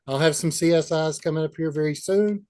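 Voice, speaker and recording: A middle-aged man, giving humble, halting thanks on a video call. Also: fairly high pitch, dark tone. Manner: humble, halting with many fillers. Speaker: new team instructor. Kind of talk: casual acceptance remarks.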